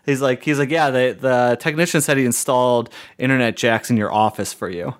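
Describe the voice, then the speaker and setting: A man's voice: medium pitch, fairly quick, clean tone. A man telling a story in casual chat, acting out the people he quotes and filling his talk with "like". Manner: animated, acts out quoted dialogue, lots of "like" fillers, laughs between lines. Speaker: podcast co-host and streamer.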